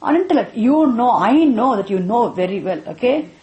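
A woman's voice: a little high, animated, moderate pace, mellow, dull audio. A woman teaching a scripture class, repeating points and often asking her students if they understand. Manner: repetitive, checks students with frequent questions. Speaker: spiritual teacher. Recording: echoey room.

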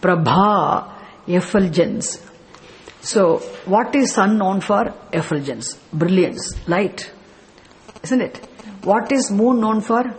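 A man's voice: sits high, animated, takes it slowly. A man teaching a scripture class, explaining step by step with rhetorical questions and chanting verses. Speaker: spiritual teacher.

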